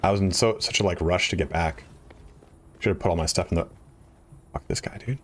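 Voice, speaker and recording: A man chatting casually while live-streaming a game, excitable and swearing, his voice jumping up high when he gets worked up. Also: fairly quick.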